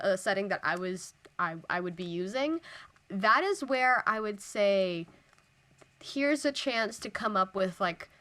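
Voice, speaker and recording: A woman's voice: medium pitch, fairly bright tone. A woman co-hosting a tabletop gaming podcast, chatting casually and eagerly about building a fantasy setting, with plenty of fillers. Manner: enthusiastic, self-described nerdy, many fillers. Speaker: podcast co-host. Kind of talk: casual worldbuilding chat.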